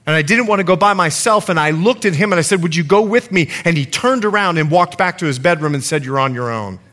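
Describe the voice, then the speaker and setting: A man preaching a sermon to his church, telling stories and reading scripture with emphatic, animated delivery. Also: fast talker. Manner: animated storytelling preacher, emphatic swings in pitch. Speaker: pastor.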